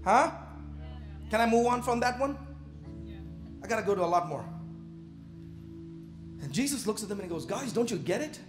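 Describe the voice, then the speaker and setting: Man, pastor, very high voice, live church sermon, shouts and quiet asides, faint music behind. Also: moderate pace, long pauses. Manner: animated preaching, shouting and dropping to asides; casual slang, laughs at own jokes.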